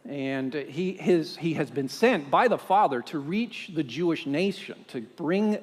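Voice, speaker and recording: A male pastor, preaching a sermon with animated storytelling and strings of rhetorical questions. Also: fairly high pitch, a little slow, in a large hall.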